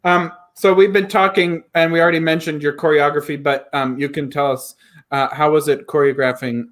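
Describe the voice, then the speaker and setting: A cheerful host on a video call keeps a cast reunion moving, chatting casually and laughing often. The voice sits at a middling pitch and comes through a computer microphone. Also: fairly even intonation, a bit bright. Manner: giggly, chatty, quick to laugh.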